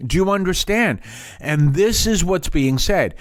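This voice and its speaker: A man's voice: high voice, expressive, a little slow, dry recording, studio quality. A man from the Boston area with no Boston accent, teaching from the Bible in a casual, digressive way with jokey asides.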